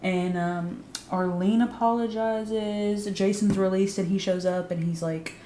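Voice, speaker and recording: A woman's voice: medium pitch, fairly even intonation, unhurried, few pauses, warm tone, echoey room, slight background noise. A woman giving a casual, sarcastic recap of a TV show, swearing freely and saying "like" a lot. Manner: sarcastic, profane, frequent "like" fillers. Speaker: YouTube recap host.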